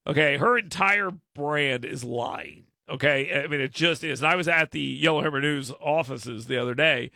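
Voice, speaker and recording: Talk radio host, male, gravelly and bright, dry close sound, emphatic. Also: fairly high pitch, moderate pace, few pauses, no room sound. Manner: emphatic, repeats words when starting a point.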